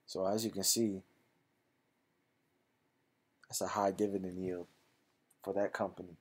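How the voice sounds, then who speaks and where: Male investing host, lower voice, casual stock-analysis read with clipped figures and relaxed asides. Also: unhurried, slight background noise. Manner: reads figures aloud in clipped phrases, then chats loosely.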